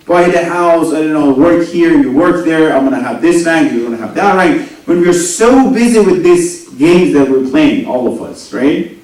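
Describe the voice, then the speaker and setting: A man preaching a sermon, in a fairly high voice that climbs on questions and sinks to hushed asides. He sounds set back from the mic in a strongly echoing hall. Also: normal speed. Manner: animated, rising and dropping to near whispers, asks the audience questions. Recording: very echoey hall, voice from a distance.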